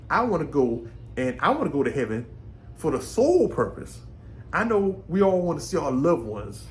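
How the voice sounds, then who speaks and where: A man's voice: on the high side, a little hiss or hum. A man from Brooklyn, New York, giving a casual, folksy faith talk, often repeating words as he thinks. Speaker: faith vlogger.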